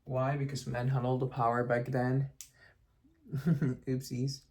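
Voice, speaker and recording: A man's voice: medium pitch, monotone, unhurried, a little mellow. A man hosting a casual explanatory history lesson, chatty and digressive, who breaks off for joking asides and corrects himself as he goes. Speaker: history lecturer and channel host.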